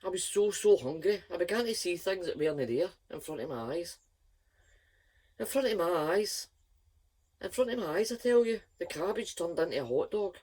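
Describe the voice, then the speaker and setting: A woman reading a children's story aloud in a lively, expressive first-person voice. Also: fairly low pitch, moderate pace.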